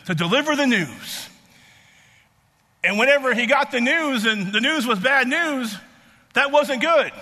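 A man preaching a sermon in a halting, repetitive way with many fillers, reading and explaining a Bible passage. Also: very high-pitched, sharp tone, in a large hall.

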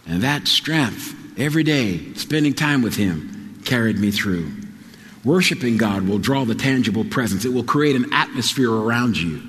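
Pastor, male, mid-pitched, earnest repetitive preaching, long hall reverb. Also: expressive, moderate pace, a bit bright. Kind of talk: sermon.

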